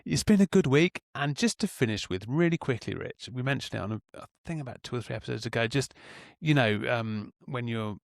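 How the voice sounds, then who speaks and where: This middle-aged man chats easily and warmly on a podcast, his talk upbeat and full of laughter. The sound is dry and close, with no room around it. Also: mid-range voice, lively intonation, vocal fry, no room sound. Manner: chatty and upbeat, quick to laugh. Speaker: podcast co-host. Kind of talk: casual podcast chat.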